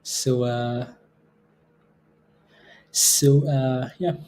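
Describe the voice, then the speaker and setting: A Canadian man hosts a day trading livestream, casually reading viewer comments aloud. His mid-range voice moves extremely slowly, and he's relaxed, often repeating himself and laughing.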